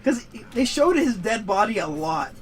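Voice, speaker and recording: This gaming show co-host has a high-pitched voice with big pitch swings and a moderate pace, heard on a rough recording with slight background noise. He rambles and swears in casual commentary, ranting heatedly about a movie.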